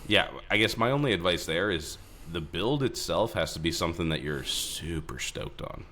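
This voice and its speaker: A man's voice: sits low, expressive, moderate pace, pushed and bright, slight background noise. A man co-hosting a podcast, talking in a laid-back, profane, casual way about building motorcycles. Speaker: podcast co-host. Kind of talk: casual chat.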